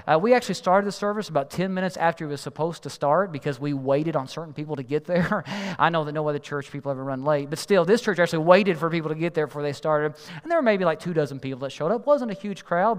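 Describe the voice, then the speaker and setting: A man doing storytelling stand-up, animated and exasperated as he acts out the people in the story. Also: on the high side, big-room sound.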